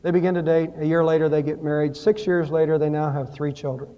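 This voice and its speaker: A pastor preaching a sermon, telling stories and rising and falling in emphasis. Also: male voice, on the high side, flat delivery, fast, muffled recording.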